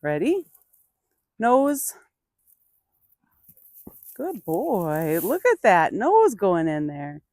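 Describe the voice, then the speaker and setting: In an outdoor pen, a burro trainer walks viewers through each step of a hands-on training session, her middle-pitched voice sounding dry and close. When she turns to the animal, she lowers it to a gentle, coaxing murmur.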